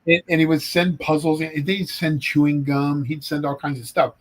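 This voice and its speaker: A middle-aged man from Ohio, a forensic psychologist, telling stories in a casual, animated way with dark humor. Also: fairly high pitch, normal speed, crowd noise, rough recording. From Ohio, United States. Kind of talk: casual storytelling chat.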